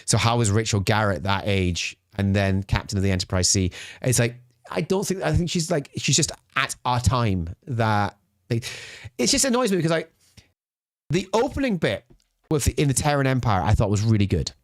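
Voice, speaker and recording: A man's voice: medium pitch, big pitch swings, moderate pace, dry recording, clean studio sound. Rambling, ranting man podcast co-host. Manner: rambling, repeats words while ranting. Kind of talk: casual chat. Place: podcast studio.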